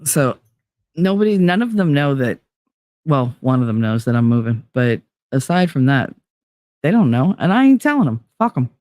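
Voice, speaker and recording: A woman's voice: extremely low pitch, moderate pace, dry recording, clean studio sound. Blunt, rambling woman, sick with a cold. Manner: blunt, profane, animated storytelling. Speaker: livestream host. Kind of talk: casual rambling chat to viewers.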